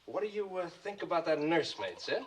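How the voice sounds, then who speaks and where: A man's voice: a little high, very animated, a little fast, a little hiss or hum, poor audio. A young actor playing an eager, ingratiating rich student who fusses over his guests in a 1950s film. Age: young adult. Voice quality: eager, talkative, fussing host. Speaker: law student.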